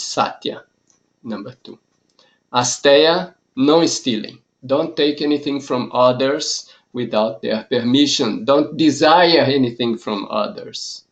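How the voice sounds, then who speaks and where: A man who is a monk teaching a yoga course lesson, explaining ideas calmly in short measured phrases. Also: mid-range voice.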